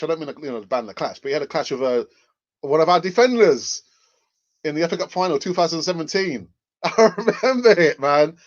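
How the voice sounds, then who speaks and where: A man's voice: on the high side, animated, a little fast. A man hosting a casual football news show, who laughs often and repeats himself, heard through muffled lo-fi audio. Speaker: fan channel host.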